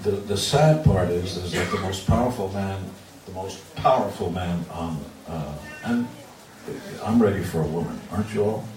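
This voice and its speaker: A man's voice: low-pitched, moderate pace, a crowd in the background. A man in his sixties telling blunt, joking stories to a live audience between guitar chords. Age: 60s. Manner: joking, blunt, crude asides. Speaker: musician telling stories to fans. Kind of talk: casual live storytelling with guitar. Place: event room with an audience. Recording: roomy, distant mic with guitar.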